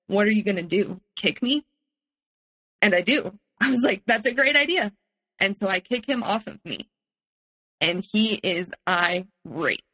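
A woman on a podcast recounting a personal experience candidly, in a steady conversational way with frequent "um" fillers. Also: lowish voice, poor audio. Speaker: podcast guest.

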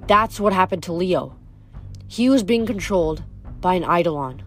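A woman with a slightly low voice reads a novel aloud in an unhurried way. She stumbles now and then and restarts words. Soft music plays faintly behind her. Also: animated. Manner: unhurried, with small slips and restarts. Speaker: reader.

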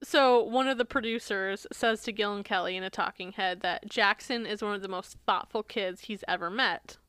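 A woman with a bright, crisp and fairly high voice co-hosts a podcast recap. She talks chattily, swears freely and slips into little voices to act out what people said. The sound is dry and close. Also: normal speed, dry recording. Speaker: podcast co-host. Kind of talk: casual chat recapping a reality show.

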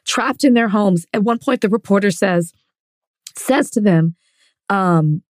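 A woman's voice: mid-range voice, unhurried, dry recording. A woman co-hosting a podcast, talking in an earnest, impassioned way and close to tears at times. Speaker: podcast co-host. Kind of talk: casual podcast discussion.

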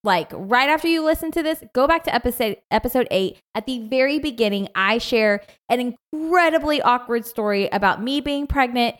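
A woman co-hosting a podcast in casual chat, giggly, animated and emphatic. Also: on the high side, a little fast, hardly any pauses. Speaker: podcast co-host.

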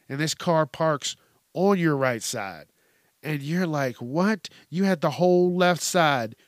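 A man's voice: fairly high pitch, no room sound, clean studio sound. A man hosting a podcast, telling a profane, exasperated comedic rant in casual talk. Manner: profane, ranting, exasperated storytelling. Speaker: podcast host.

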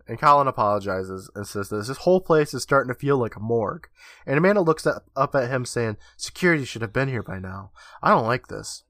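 A podcast co-host recaps an episode scene by scene in an animated retelling, acting out the characters' lines. His voice is medium-pitched, and the recording is dry with clean studio sound.

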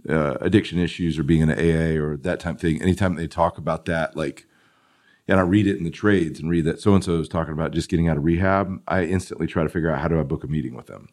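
A man with a very deep voice hosts a studio podcast. He talks in a relaxed, conversational way and keeps nudging his guest along with short encouraging responses. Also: quick pace. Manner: encouraging, frequent brief affirmations. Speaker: podcast host. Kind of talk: interviewing, casual chat.

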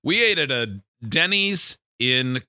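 Bright, lively-voiced male co-host. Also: fairly high pitch, slow pace, smooth, dry recording, studio quality. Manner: laughs often, animated storyteller. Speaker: radio show co-host. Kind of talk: casual comedic banter.

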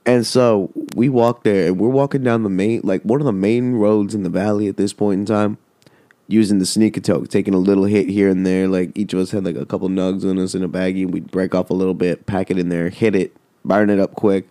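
A man tells a story in a casual, rambling way, swearing freely and filling his talk with "like". His voice sits a bit low with a dark, mellow tone. The sound is dry and close, with no room echo. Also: little pitch movement, a little fast. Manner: rambling, profane, full of "like".

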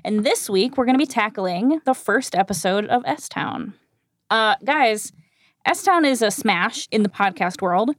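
Woman, podcast co-host, casual chat, wry, laughs often, mid pitch, dry room. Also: expressive, measured pace, dry recording. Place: shared recording room.

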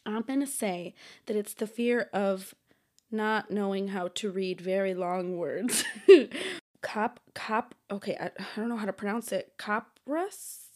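A young woman vlogging alone through a quiz, chatting casually to viewers, thinking out loud, stumbling over hard words and often breaking into giggles. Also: mid-range voice, a little slow. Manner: giggly, bursts into loud laughter. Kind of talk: casual chat to camera.

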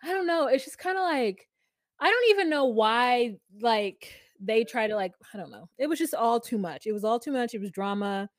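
A woman's voice: fairly high pitch, expressive, moderate pace, no echo, studio quality. A woman co-hosting a podcast, giving reflective, casual commentary on a reality show. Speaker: podcast co-host.

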